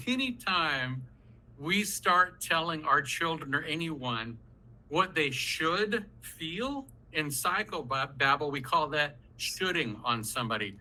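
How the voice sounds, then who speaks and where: A man leading a parenting workshop, talking in an animated, folksy way and acting out what parents and kids say. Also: fairly high pitch, measured pace, rough recording. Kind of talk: lively workshop talk. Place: video call.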